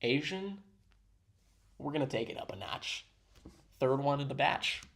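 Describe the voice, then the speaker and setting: Man, sarcastic reaction commentary, mock-admiring, animated intonation. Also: medium pitch, a little slow, creaky. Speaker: reaction video host.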